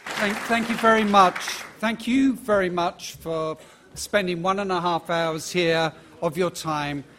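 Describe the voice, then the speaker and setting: A man's voice: high voice, steady tone, a little slow, a crowd in the background, background noise. A man moderating a debate, closing with hesitant thanks full of fillers.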